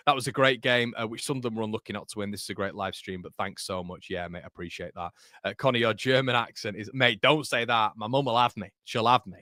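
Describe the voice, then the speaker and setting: A young man hosts a live football watchalong and talks casually while reading out viewers' comments, often repeating himself. His voice is bright and forward, and the sound is dry and close. He sounds tired after hours of streaming. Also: on the low side, fast, dry recording. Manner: chatty, reads out viewer comments; repeats words and restarts. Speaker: football channel host. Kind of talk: live match watchalong chat.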